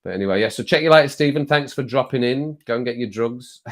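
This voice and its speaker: A fast-talking man with a mid-range voice hosts a live stream from home, chatting loosely to viewers over a desk mic. He laughs a lot and swears frequently.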